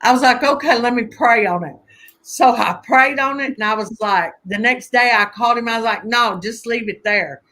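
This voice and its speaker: A woman telling family stories in a casual conversation, animated and laughing often as she acts out voices. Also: a little high, moderate pace. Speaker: guest conjure teacher.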